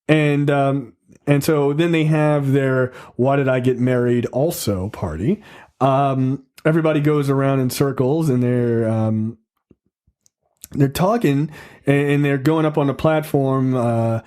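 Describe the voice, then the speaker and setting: A man's voice: mid-range voice, unhurried, mellow. A man co-hosting a casual movie review podcast, recapping scenes with loose, profane humor. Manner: profane, summarizing scenes with acted-out quotes. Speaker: podcast co-host.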